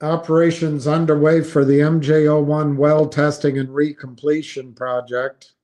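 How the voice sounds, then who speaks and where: A man's voice: a little high, little pitch movement, normal speed, darkish tone. A man giving casual, skeptical commentary on investing, thinking aloud and reading from a website.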